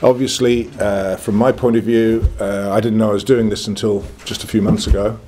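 Older northern English man at a press conference, blunt and plain-spoken, low-pitched, light background noise. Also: level tone, normal speed, warm tone. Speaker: cricket club chairman.

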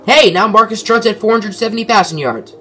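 Young man doing bright play-by-play commentary. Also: high voice, brisk, faint music behind. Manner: mock sportscaster delivery with dry asides. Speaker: gaming commentator.

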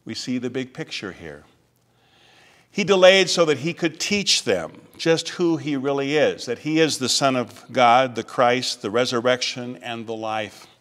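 Pastor guy preaching, middle pitch, slows down on the big lines, long church echo. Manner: measured preaching, slows and softens on key phrases. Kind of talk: sermon. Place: church sanctuary. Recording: reverberant church sanctuary.

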